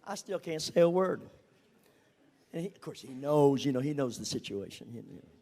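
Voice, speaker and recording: A man's voice: medium pitch, lively intonation, moderate pace, warm tone. An older man telling a personal testimony in a folksy, self-mocking way, chuckling at himself as he goes. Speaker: guest speaker.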